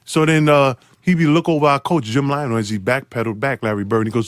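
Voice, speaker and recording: A man's voice: fast talker, hardly any pauses, no room sound, clean studio sound. A man telling a sports story with lots of energy, acting out the quotes in jumpy voices and laughing often. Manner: acts out quotes with big pitch jumps, laughs often. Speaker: storyteller guest. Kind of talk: animated storytelling.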